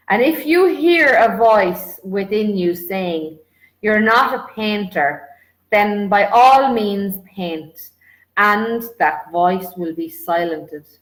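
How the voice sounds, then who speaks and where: A woman talks through a self-help lesson, loose and conversational, leaning on "like" as she goes. Her voice sits at an ordinary middle pitch. The room around her rings with a noticeable echo. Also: fairly bright tone. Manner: conversational, many filler "like"s. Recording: roomy echoey room.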